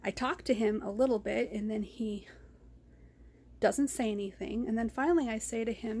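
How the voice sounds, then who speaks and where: A woman's voice: fairly high pitch, fairly even intonation, moderate pace, mellow, breathy edge. Rambling, ranting woman vlogger. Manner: rambling and ranting, repeats words. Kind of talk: raw personal vlog. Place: car.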